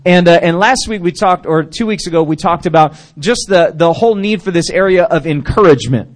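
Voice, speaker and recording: A man's voice: high voice, brisk. A man preaching a casual youth sermon at a church service, chatty and jokey, with frequent restarts. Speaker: youth pastor.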